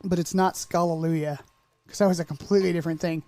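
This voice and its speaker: Man, podcast co-host, casual chat, rambling, jokey, fairly high voice. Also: steady tone, dark tone, dry recording. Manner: rambling, jokey, quick to put on silly voices.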